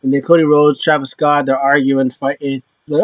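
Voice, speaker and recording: A young man giving a casual, animated wrestling recap in slangy talk, now and then acting out the wrestlers in a pitched-up voice. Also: normal speed, no room sound. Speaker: wrestling show reviewer. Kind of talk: casual opinion vlog.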